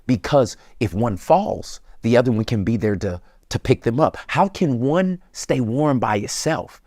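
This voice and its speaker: A man, a pastor as guest, giving relationship advice in a colloquial, emphatic preacher-like way that builds to excited peaks. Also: mid-range voice, moderate pace, few pauses, dry recording, clean studio sound.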